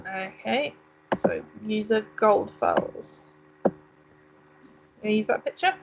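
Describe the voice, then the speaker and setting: A woman's voice: medium pitch, slow pace, creaky, muffled recording, slight background noise. A woman co-hosting a let's play, chatting and musing aloud as she reads game text. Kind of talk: casual gaming commentary.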